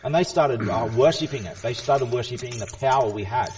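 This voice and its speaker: A man talking as a guest in a casual conversation, speaking fast, often repeating words and restarting his sentences, and insisting on finishing his point. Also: mid-range voice, a little mellow, slight background noise. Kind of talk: casual spoken explanation.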